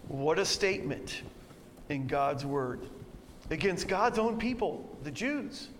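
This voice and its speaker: A high-pitched man teaches an expository sermon in a church hall, pressing his points with emphatic, conversational rhetorical questions. His voice rings out with a long reverb, over a faint hum of room ambience. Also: animated, takes it slowly. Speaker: pastor.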